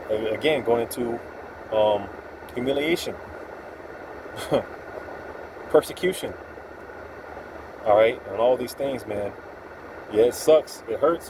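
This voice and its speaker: A man's voice: medium pitch, background noise. A man giving an informal, profane, streetwise religious talk, quoting scripture with emphatic asides. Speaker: preacher.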